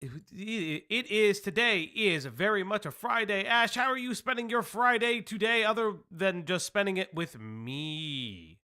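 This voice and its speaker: A man's voice: high-pitched, measured pace, few pauses, sharp tone. A man hosting a livestream, greeting chat in a playful put-on radio-host voice with stammered restarts.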